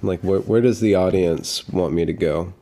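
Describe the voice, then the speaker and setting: Dark-voiced joking man. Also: deep voice, moderate pace. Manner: playful, joking, trails off and restarts. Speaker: guest. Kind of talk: casual livestream chat. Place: kitchen table at home.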